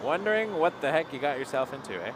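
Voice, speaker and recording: A man's voice: fairly high pitch, sing-song, fast. A man with a Toronto Canadian accent, rambling casually to live stream viewers from beside a runway on a cold night. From Toronto area, Canada. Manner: rambling, chatty, reads out viewer comments. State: cold, marching to keep warm. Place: outdoors by an airport runway at night. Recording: outdoor traffic noise.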